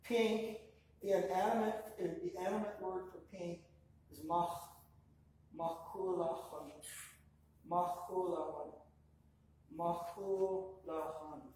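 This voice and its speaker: A man teaching a language class, sounding out words slowly syllable by syllable and correcting learners. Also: high-pitched, fairly even intonation, darkish tone. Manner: slow, drawn-out pronunciation drills by syllable. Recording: echoey, distant mic with faint noise.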